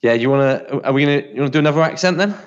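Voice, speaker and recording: A man's voice: fairly high pitch, rapid-fire, smooth, dull audio. A man co-hosting a podcast, chatting casually and explaining things with plenty of filler words. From United Kingdom. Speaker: podcast co-host.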